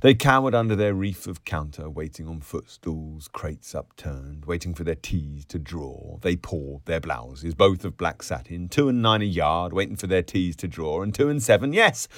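Deep-voiced man reading with lyrical flair. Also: expressive, normal speed, few pauses, no echo, clean studio sound. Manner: lyrical and theatrical, sliding into whispers and bursts. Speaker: audiobook reader. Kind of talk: literary reading aloud.

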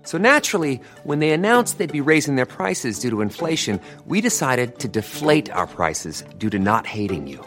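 A man reads a comic radio ad with punchy, deadpan humor. His pitch swoops wildly from line to line, and a faint music bed runs underneath. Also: normal speed, hardly any pauses. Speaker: ad spokesman.

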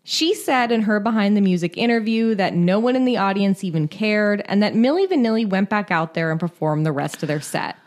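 A woman's voice: medium pitch, expressive, fairly quick, few pauses, darkish tone. A woman co-hosting a podcast, reading a scripted music history with casual chatty asides. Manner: reads quotes aloud, breaks into laughter. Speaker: podcast co-host.

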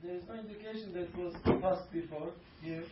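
A man's voice: high voice, fast, crowd noise. A man in a Talmud class, asking the teacher hesitant questions. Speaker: student. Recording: distant, dull lo-fi recording.

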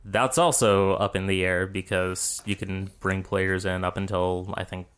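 A man co-hosting a casual sports podcast, giving measured, detailed background. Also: low-pitched, flat delivery, a bit bright, smooth. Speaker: podcast co-host.

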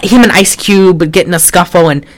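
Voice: medium pitch, moderate pace. A podcast co-host recapping a film in casual chat, rambling with lots of "like" and wry, sarcastic asides. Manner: trails off and restarts often.

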